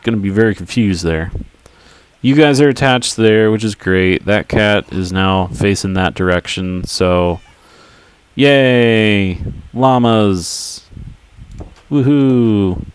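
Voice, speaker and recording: Man, game livestreamer, casual commentary, self-mocking and rambling, unhurried, low-ish. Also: smooth.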